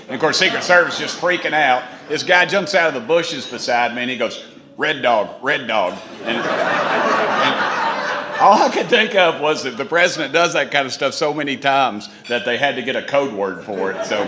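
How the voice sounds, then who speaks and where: In a banquet hall, a congressman with an East Tennessee accent gives a folksy, rambling dinner speech that pokes fun at himself. His medium-pitched voice sounds pushed and bright, and the hall echoes with faint room noise.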